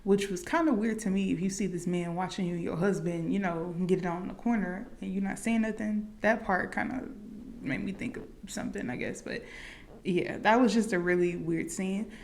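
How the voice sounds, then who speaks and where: A woman's voice: medium pitch, normal speed, a little mellow, a little hiss or hum. A woman giving a casual, chatty recap of a movie's plot, full of "like" and "you know". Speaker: movie reaction youtuber.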